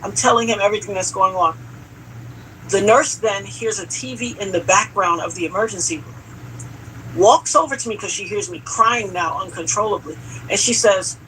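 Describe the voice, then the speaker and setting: A woman's voice: medium pitch, normal speed, a little hiss or hum, low-quality recording. A woman telling a dramatic personal story in a casual chat, acting out what people said. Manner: dramatic, animated storyteller who acts out quotes.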